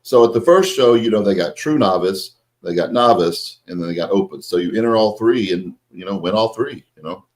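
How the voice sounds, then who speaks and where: A man's voice: fairly low pitch, a little fast, hardly any pauses. A man, a co-host and coach, chatting casually with many fillers and hesitations. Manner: hesitant, filler-heavy, agreeable. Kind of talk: casual chat.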